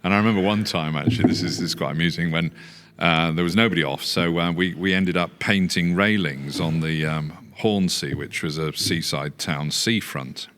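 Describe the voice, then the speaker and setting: Very deep-voiced posh English man. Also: moderate pace, few pauses, a bit bright. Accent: posh English, not typical Yorkshire. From England. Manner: storytelling with frequent laughter and swearing. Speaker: podcast guest, business founder. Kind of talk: casual anecdotal chat.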